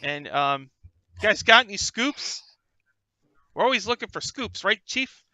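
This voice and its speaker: A man's voice: sits high, no room sound, pitched above the performer's own voice, full character voice. A man voicing a gangly, eager young male reporter hungry for news scoops, in a tabletop game. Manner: eager, fast, excitable.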